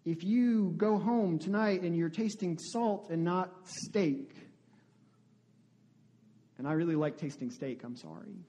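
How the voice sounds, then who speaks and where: A man's voice: high voice, takes it slowly, long pauses, warm tone. A male pastor giving a conversational sermon, often asking the congregation questions. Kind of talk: interactive sermon.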